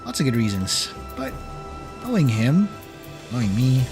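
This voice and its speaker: A man giving relaxed, casual commentary while playing a game, thinking aloud with pauses. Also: mid-range voice. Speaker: streamer. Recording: game music clearly behind. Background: game music.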